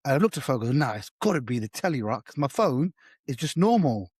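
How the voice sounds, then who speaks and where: Podcast co-host, mid-pitched voice, lively street-slang storyteller, dry close sound. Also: male voice, quick pace, husky, no echo. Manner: slangy, animated storyteller, swears freely. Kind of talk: casual storytelling chat.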